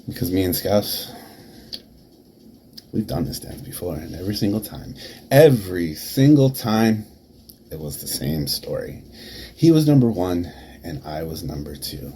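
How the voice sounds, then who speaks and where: A man cutting a taunting wrestling promo, dropping to hushed whispers and then rising to shouts. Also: low voice, animated, moderate pace, long pauses, a little hiss or hum. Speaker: promo performer.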